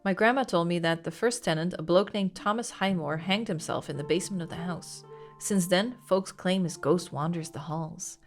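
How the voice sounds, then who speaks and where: Woman putting on a gruff rude English bloke. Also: on the low side, moderate pace, faint music behind, natural voice. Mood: storytelling. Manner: rude, dismissive, put-on English accent. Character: gruff hostile English working-class man.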